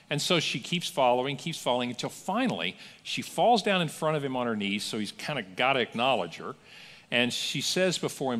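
A man preaching a sermon as pastor, telling stories with lively acted-out quotes in a church. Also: medium pitch, a little fast, long reverb tail. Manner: animated storytelling with acted-out quotes. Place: church sanctuary.

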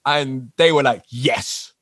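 Husky man telling animated stories. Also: mid-range voice, slow, no room sound. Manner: animated storyteller who acts out quotes and laughs often. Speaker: guest, dancer, singer and actor. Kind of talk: casual interview chat.

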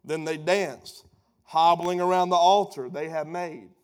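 A man preaching with a high, lifted voice. He delivers the sermon in an animated, sarcastic way, rising loud and then dropping to a hush. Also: a little slow, smooth. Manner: animated, sarcastic, shifts between loud and hushed.

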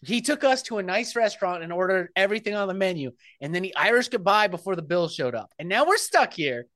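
Lively, jokey woman co-host. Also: medium pitch, fast, no room sound, studio quality. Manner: laughs often, jokey, swears freely. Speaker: podcast co-host. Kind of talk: casual chat.

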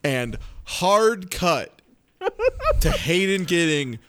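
A man from Chicago with a notably high-pitched voice chats animatedly on a podcast. He recaps a show with plenty of swearing and jokey acted-out lines. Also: expressive, very slow, fairly bright tone, clean tone. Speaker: podcast co-host. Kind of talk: casual chat recapping a show.

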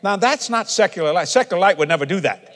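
A middle-aged man preaching a sermon in a church, folksy and conversational at times, rising to shouts at others. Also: sits high, lively intonation, fast talker. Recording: long reverb of a large hall.

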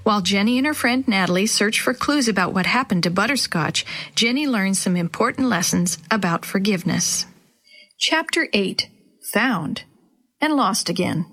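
A woman hosting a children's story program, reading aloud gently and expressively. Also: medium pitch, normal speed.

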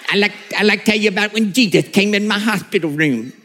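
A man voicing an old preacher heard on a sped-up tape, high and whiny, speaking slowly and simply. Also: sharp tone. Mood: earnest.

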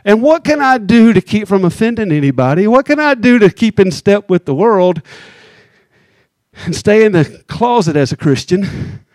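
High-voiced preacher, dry close sound. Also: male voice, big pitch swings, darkish tone, no echo. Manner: conversational preaching, teasing the congregation, slows down for emphasis. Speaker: pastor. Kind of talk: sermon.

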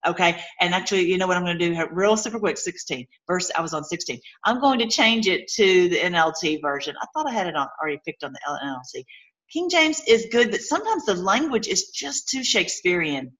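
A woman's voice: fairly low pitch, very animated, quick pace, a bit bright, rough recording. A woman giving an informal, enthusiastic Bible teaching. She reads scripture aloud and talks chattily and directly to her viewers.

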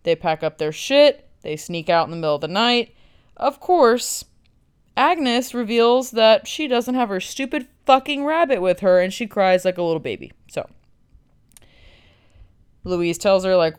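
A woman's voice: on the high side, expressive, measured pace, clean tone. A woman podcast host recapping a film in a blunt, sarcastic way, swearing freely.

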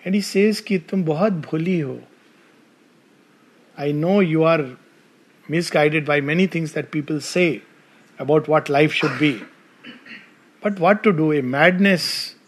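An Indian English man gives an animated devotional talk to a gathered audience. He tells stories in a fairly high voice and keeps turning to the listeners with questions. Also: normal speed, long pauses. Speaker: spiritual speaker.

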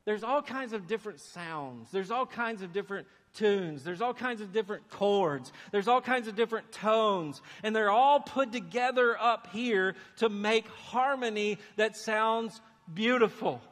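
A man preaching a sermon in a church, animated and acting out the voices he quotes. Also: sits high, a little slow, few pauses. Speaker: pastor. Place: church sanctuary. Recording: long hall reverb.

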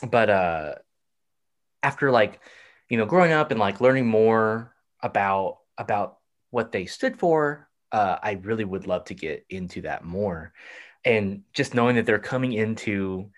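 A man hosting a casual podcast chat, enthusiastic but halting, often restarting his sentences. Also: lowish voice, lively intonation.

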